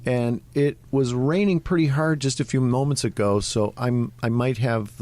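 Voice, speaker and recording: A man, an actor and comedian, telling animated stories as a guest in a radio interview and laughing often. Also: mid-range voice, normal speed. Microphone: studio broadcast mic.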